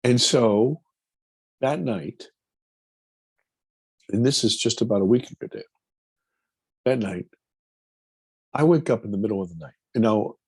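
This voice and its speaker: A man, a film producer, telling a personal story in an interview, animated and acting out his own quotes. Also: on the low side, unhurried, pauses often, husky.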